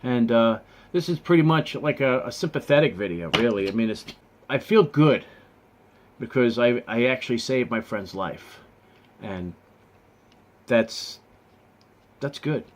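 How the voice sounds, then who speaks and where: A man's voice: medium pitch, lively intonation, measured pace, pauses often. A man telling a personal story in a casual vlog, earnest and rambling. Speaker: vlogger.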